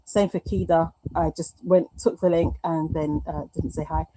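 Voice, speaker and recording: A woman's voice: low voice, steady tone, normal speed, warm tone, slight background noise, low-quality recording. A middle-aged woman hosting a live stream at home, chatting and reading out viewer comments in a rambling, affectionate way. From United Kingdom. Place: home room.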